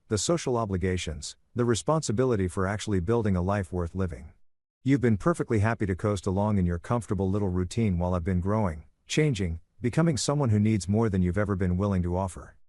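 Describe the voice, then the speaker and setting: A man reading the lines of a cold, calculating middle-aged woman executive in an audiobook story, calm and matter-of-fact with a cutting edge. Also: fairly low pitch, quick pace, dry recording, clean studio sound, lightly acted.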